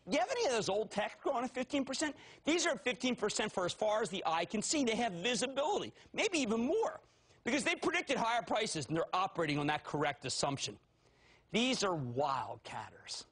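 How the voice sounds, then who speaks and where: A man in his fifties hosting a TV stock market show, talking loud, manic and theatrical with sudden shouts. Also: high voice, breathy edge. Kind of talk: excitable TV stock commentary.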